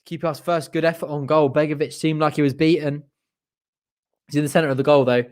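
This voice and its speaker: A young man with a fairly high voice talks quickly as he gives excitable, partisan fan commentary on a live match. He cheers his team on and groans whenever they miss a chance.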